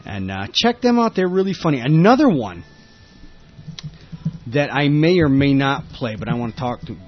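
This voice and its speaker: Husky lo-fi tech show host. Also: male voice, mid-range voice, sing-song, normal speed, faint music behind. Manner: rambling, laughing, frequent fillers. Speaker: podcast host. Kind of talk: casual tech show chat.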